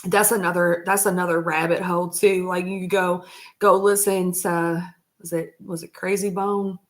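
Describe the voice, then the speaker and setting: A woman's voice: on the low side, level tone. A woman chatting casually on a vlog, rambling loosely, laughing often and swearing freely. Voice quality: unhurried, trailing talk. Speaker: vlogger.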